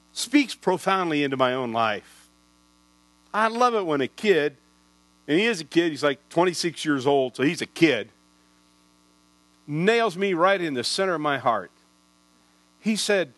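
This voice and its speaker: A man's voice: a little high, big pitch swings, unhurried, long pauses, fairly bright tone, no echo, low-quality recording. A man in his sixties preaching a sermon, folksy and rambling, often restarting his sentences. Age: 60s. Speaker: pastor. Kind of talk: sermon storytelling. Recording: dry with mains hum.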